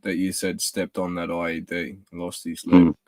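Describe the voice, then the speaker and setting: A man's voice: low voice, monotone, normal speed, a little mellow, dry recording. A man with an Australian accent, hosting a casual talk, laid-back with short sweary reactions. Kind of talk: casual podcast conversation.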